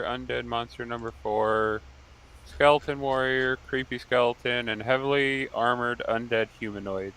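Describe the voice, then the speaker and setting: A man's voice: mid-range voice, pushed and bright, clean tone, rough recording. A man playing in a tabletop game, thinking aloud and sounding unsure as he chats casually. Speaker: player.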